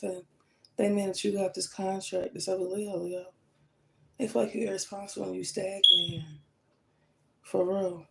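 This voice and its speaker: A woman with a gravelly, fry-edged voice gives a tarot reading straight to her viewers. She is blunt and emphatic, keeps checking in with a quick "okay?", and her pitch sits in an ordinary middle range. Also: level tone, fairly bright tone, a little hiss or hum, rough recording. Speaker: tarot reader.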